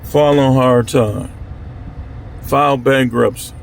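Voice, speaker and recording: A man's voice: medium pitch, fairly even intonation, takes it slowly, creaky, a little hiss or hum. A man from Milwaukee talking straight to his channel's viewers in a blunt, slangy, fired-up monologue. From Milwaukee, Wisconsin. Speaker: channel host. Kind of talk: candid to-camera monologue.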